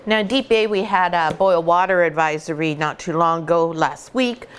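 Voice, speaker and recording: A woman's voice: fairly low pitch, moderate pace, smooth. A woman, a puppy breeder, chatting and explaining step by step while she plays with the puppies in an indoor puppy room. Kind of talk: instructional puppy-raising video.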